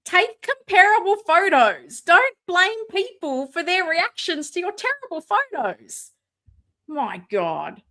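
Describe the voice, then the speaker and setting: A woman hosting a live stream from home, chatting casually, excitable and sarcastic, sometimes shouting. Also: extremely high pitch, slow pace. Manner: excitable, sarcastic, loud at times. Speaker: livestream host. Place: home room with ring light. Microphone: no mic close by, computer setup.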